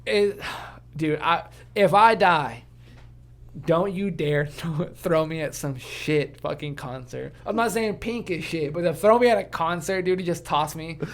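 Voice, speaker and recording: A man's voice: on the high side, measured pace. A man co-hosting a podcast in casual, profane, ranting chat. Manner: animated, swearing, ranting. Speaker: podcast co-host.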